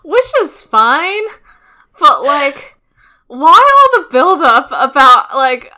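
A woman co-hosting a podcast in casual chat, emphatic and expressive, with frequent laughter. Her voice is high and bright. She builds her points with growing emphasis. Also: takes it slowly. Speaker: podcast co-host. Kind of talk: casual chat recapping a TV episode.

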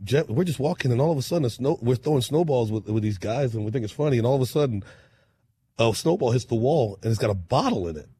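A husky-voiced man with a drawl spins rowdy tales as a talk show guest. He laughs through his punchlines and jumps into the voices of the people in his stories. He sits at a middle pitch, with a slightly rough edge on every word. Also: quick pace. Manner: lively storyteller, laughs through punchlines, acts out quotes. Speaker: musician guest. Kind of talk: animated storytelling on a talk show.

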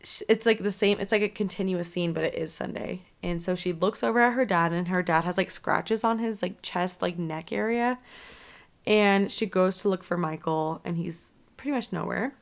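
A woman's voice: on the low side, normal speed, gravelly. Chatty woman recapping a horror film. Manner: animated horror-movie recap, swears, lots of "like". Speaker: podcast co-host. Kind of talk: casual chat.

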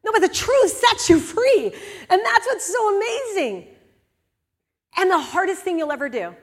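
A woman giving a sermon at a church service, candid and conversational, swinging between hushed and loud moments. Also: extremely high pitch, very animated, normal speed, long reverb tail.

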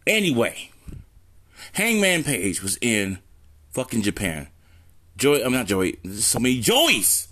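A man's voice: mid-range voice, big pitch swings, unhurried, pauses often, a bit bright. A man hosting a casual solo podcast into a phone, rambling and swearing as he talks, interrupting himself often. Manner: profane, rambling, self-interrupting. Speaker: podcast host. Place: room at home.

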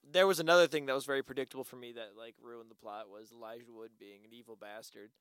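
A man's voice: mid-range voice, steady tone, quick pace, a bit bright, smooth, dry recording. A man chatting casually about a movie, blunt and swearing when something annoys him. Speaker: movie reviewer. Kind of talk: casual chat.

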